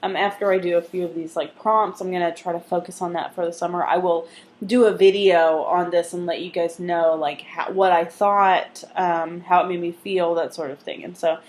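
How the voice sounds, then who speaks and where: A woman's voice: steady tone, moderate pace. A young woman vlogging in a casual, rambling way, full of fillers and restarts, with a stuffy nose. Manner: rambling, many fillers and restarts, laughs easily; coos softly and high when calling her dogs. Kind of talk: casual chat.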